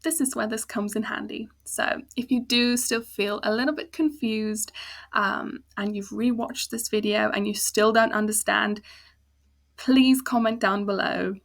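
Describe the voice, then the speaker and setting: A woman with a South African accent and a medium-pitched, steady, creaky voice leads a casual language lesson. Patient and slow, she takes words apart into sounds and syllables, spelling out the sounds as she goes.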